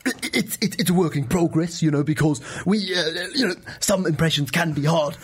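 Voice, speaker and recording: A man's voice: a little high, a little fast, slightly rough. A man doing an impression of a rambling male politician who stammers and repeats words. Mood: blustering. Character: rambling, dithering male politician, middle-aged.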